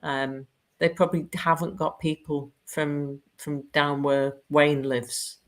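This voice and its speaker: Woman, interviewer, low-pitched, chatty, lively. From United Kingdom. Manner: chatty, lively, quick asides. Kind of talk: casual live-stream interview.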